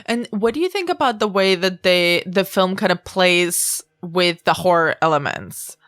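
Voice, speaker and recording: A woman's voice: lowish voice, lively intonation, a little slow, fairly bright tone, no room sound. A woman co-hosting a podcast, thoughtfully analysing a film and asking questions. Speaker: podcast co-host. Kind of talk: casual film discussion.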